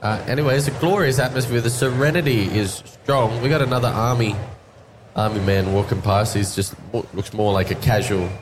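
Laid-back Australian radio host. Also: male voice, mid-range voice, brisk, noisy background. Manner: laid-back, slangy, chatty. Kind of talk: casual outside-broadcast chat. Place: shed at an outdoor showground.

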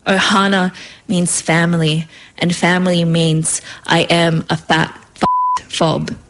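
A woman's voice: on the low side, wildly swooping pitch, takes it slowly, noisy background, full character voice. A woman voicing a heavy-set aunt who cries out in hurt defiance. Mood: hurt defiant. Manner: crying out, defiant.

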